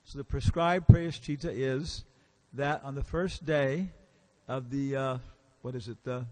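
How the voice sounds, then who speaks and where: A man's voice: medium pitch, measured pace. A man giving a casual, storytelling lecture in a temple hall, acting out the characters he quotes and asking the audience questions. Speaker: visiting lecturer.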